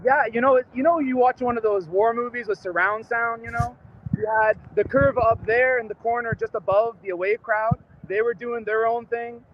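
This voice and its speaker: A man calling in from outside a stadium, hoarse from shouting, talking in an excited, rambling and slightly tipsy way. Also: very high voice, moderate pace. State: hoarse, lost his voice. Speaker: fan calling in as a guest. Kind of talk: casual chat. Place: outdoors at a stadium. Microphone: phone call. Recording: noisy lo-fi phone line from outside.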